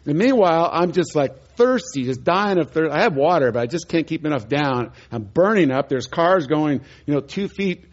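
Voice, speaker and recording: A male preacher telling a testimony story in his sermon, animated and chuckling, acting out the people he met. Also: fairly high pitch, moderate pace, few pauses, lo-fi sound.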